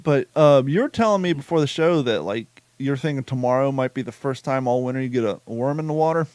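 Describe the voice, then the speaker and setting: An American man hosting a casual podcast, telling animated fishing stories with swearing and laughter. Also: mid-range voice, fast talker, no room sound. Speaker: podcast host.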